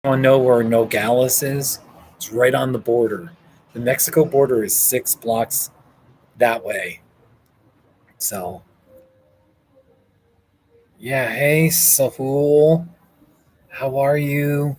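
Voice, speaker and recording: A man in the middle of his own pitch range chats with viewers on a live stream from a hotel room. He talks slowly and easily, laughs often and thanks people by name as their comments come in. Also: fairly even intonation, a little mellow, a little hiss or hum, poor audio. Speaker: livestream host reading viewer comments. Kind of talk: casual live chat.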